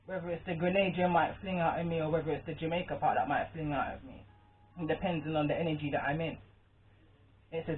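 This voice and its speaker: A woman born in Britain speaks with a clear Caribbean patois twang, chatting casually about her card readings. She rambles and keeps checking that her listener follows. The sound is narrow and phone-like, with soft music faintly underneath. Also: deep voice, fairly even intonation, quick pace. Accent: British with a Caribbean patois twang. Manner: chatty, rambling, often asks "you understand?". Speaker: spiritual card-reading vlogger. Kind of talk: casual monologue to camera.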